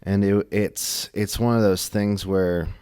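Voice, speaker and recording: A young man co-hosting a church podcast, talking in a casual, halting way full of fillers and restarts. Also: on the low side, steady tone, mellow, clear, resonant tone. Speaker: podcast co-host. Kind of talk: casual faith discussion.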